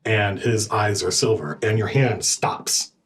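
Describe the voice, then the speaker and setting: A man's voice: fairly low pitch, slow, a bit bright, a little hiss or hum. A man running a tabletop game as game master, describing scenes vividly and speaking for his characters.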